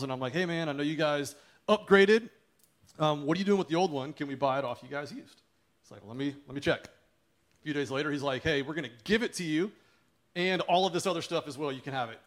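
A man who is starting a new church, telling a congregation a testimony and acting out what others said to him. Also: medium pitch. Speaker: church planter. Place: church service.

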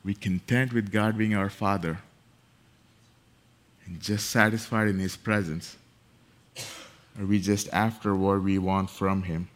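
A man's voice: low voice, steady tone, unhurried, long pauses. A man preaching a sermon, emphatic and building in force, repeating key phrases. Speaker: pastor.

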